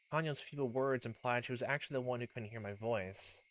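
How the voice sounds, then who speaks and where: A man's voice: medium pitch, a little fast, hardly any pauses, fairly bright tone, a little hiss or hum. A young man casually reading and commenting through a story game, rambling with lots of fillers and exclamations. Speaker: let's play host.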